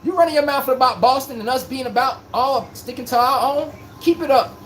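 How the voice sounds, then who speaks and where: A man's voice: very high voice, a little fast, slight background noise, voice pushed up. A man voicing a taunting, threatening male Boston sports fan with a mocking swagger.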